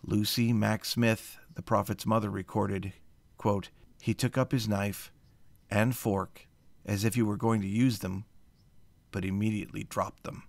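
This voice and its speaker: A man reads a scripture history account aloud, steady and measured like a storyteller. His voice sits fairly low. The sound is dry and close, with no room around it. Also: creaky, no echo. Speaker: co-host of a scripture study show.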